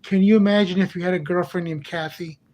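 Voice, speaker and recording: A man's voice: sits high, fairly even intonation, quick pace, muffled recording. A man ranting in a heated, profane monologue for his own channel, repeating himself in exasperation. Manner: repetitive, exasperated. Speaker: channel host. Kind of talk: angry monologue vlog.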